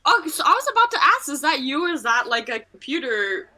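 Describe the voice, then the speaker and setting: A woman's voice: sits high, sing-song, fairly quick, sharp tone. A woman co-hosting a game stream, reacting to it with amusement. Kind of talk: casual live-stream chat.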